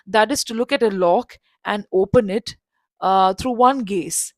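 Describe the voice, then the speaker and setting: A greedy thief airs his grievances in a plaintive voice, as a woman storyteller acts him out. His is clear, at a middling pitch. The recording is dry and close. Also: measured pace, dry recording, close to an everyday voice. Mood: complaining. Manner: pleading then complaining. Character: grown male thief, greedy and resentful.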